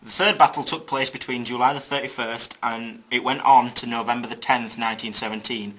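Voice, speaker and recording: A young man talks through a school history project. His voice is bright and forceful, and he is in the middle of the usual range. He stumbles on fillers and drops in dry jokes along the way. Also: mid-range voice, steady tone, brisk. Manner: jokey asides, hesitant fillers. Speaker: student presenter. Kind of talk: narrating a school history video.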